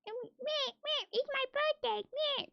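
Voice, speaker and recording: A woman's voice: slow pace, vocal fry, lo-fi sound, heavily acted. A woman voicing a small greedy female pet animal. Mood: whiny. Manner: high squeaky whine.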